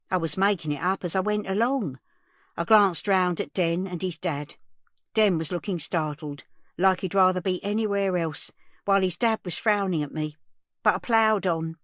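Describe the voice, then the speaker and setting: A woman narrates an audiobook in a plain storytelling manner. Her voice sits on the low side. The studio recording is close and dry, with no room sound. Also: normal speed, fairly bright tone, no echo. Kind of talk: first-person audiobook narration.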